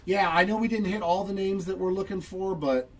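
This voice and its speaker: An upbeat man hosts a live card break, talking quickly to viewers as he opens packs. His voice sits a bit high for a man and comes from a short way off the mic. Faint room noise hums behind him. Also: recorded from a distance, low-quality recording. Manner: upbeat, chatty, reacting to pulls and answering chat.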